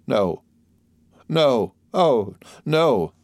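A man's voice: medium pitch, very animated, extremely slow, a little mellow, no room sound, voice pushed up, full character voice. A man voicing a desperate, terrified woman accused of poisoning, stammering and pleading in a dry, close recording. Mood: frantic.

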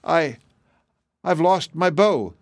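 A man voicing a dainty, reckless young female rainbow fairy in a high, pleading and imperious tone. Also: lively intonation, moderate pace, no echo, clean studio sound, lightly acted. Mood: distressed. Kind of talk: storybook character voice.

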